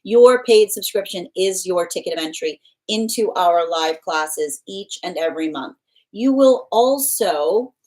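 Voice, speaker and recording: A young adult woman hosting a tarot livestream, chatting casually with viewers and laughing often, with many restarts. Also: fairly low pitch. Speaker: tarot reader and livestream host.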